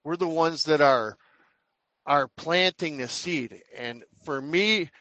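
A man's voice: fairly high pitch, slow pace, pushed and bright, no echo, rough recording. Earnest man speaking like a sermon. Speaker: caller. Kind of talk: faith talk.

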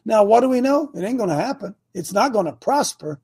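A man's voice: sits high, animated, brisk, hardly any pauses, dark tone, slightly rough. An older man hosting a call-in talk show, preaching emphatically and firing off rhetorical questions.

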